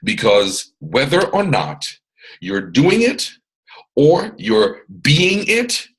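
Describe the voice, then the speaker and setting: A man from Atlanta with a Southern American accent and a resonant baritone, giving an emphatic, preachy motivational training talk on a video call. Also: huge pitch swings, takes it slowly, slightly rough, rough recording. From Atlanta, Georgia, US. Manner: preachy, emphatic, repeats phrases, puts on voices of others. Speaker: mentor hosting a live training call.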